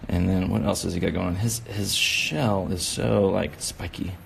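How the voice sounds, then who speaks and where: A man's voice: sits low, fairly even intonation, normal speed, vocal fry, breathy edge. A man running a casual drawing demonstration for kids, rambling and encouraging, with lots of filler words. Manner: rambling, encouraging, full of "you know" fillers. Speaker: kids' drawing instructor.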